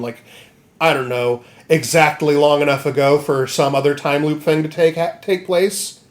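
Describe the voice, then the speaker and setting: A man hosting a comedy podcast, recapping a story in a rambling, profane way and acting out the characters. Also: fairly high pitch. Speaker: podcast host.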